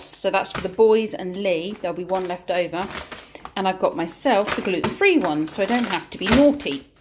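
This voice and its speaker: A woman with a mid-range, slightly mellow voice vlogs from her back garden outdoors. As a mother, she chats casually, coos and plays with the babies in sing-song baby talk, and the home video is noisy.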